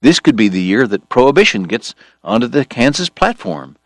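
A man voicing an earnest, smooth-talking male political organizer who talks eagerly and persuasively. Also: medium pitch, sing-song, moderate pace, no room sound, studio quality, voice pushed up. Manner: eager, persuasive, bright-toned.

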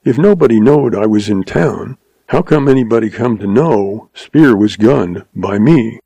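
A man's voice: on the low side, animated, a little slow, vocal fry, mellow, breathy edge, no echo, exaggerated voice. A man voicing a cool, tart young cowboy investigator with a dry, terse drawl.

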